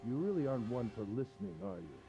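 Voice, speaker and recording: A man's voice: medium pitch, lively intonation, fast, mellow, dull audio, faint music behind, voice pushed up, natural voice. A man voicing a cruel, mocking male villain who taunts his captive in a theatrical way. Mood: gloating, mocking.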